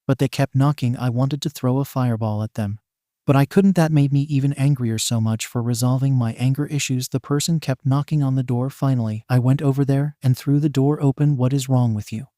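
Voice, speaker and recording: A man narrating a first-person fan fiction story in a steady reading delivery. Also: mid-range voice, brisk, no room sound, clean studio sound.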